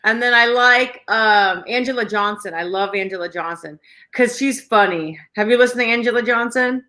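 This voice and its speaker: A woman co-hosting a podcast in casual chat, excitable and swearing freely, often laughing as she talks. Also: on the high side, moderate pace. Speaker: podcast co-host.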